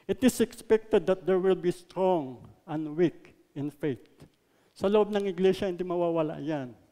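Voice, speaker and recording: A man with a Filipino accent preaching a sermon, mixing English and Tagalog, stressing words loudly and then letting lines trail off softly. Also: sits high, moderate pace, big-room sound. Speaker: pastor. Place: church hall.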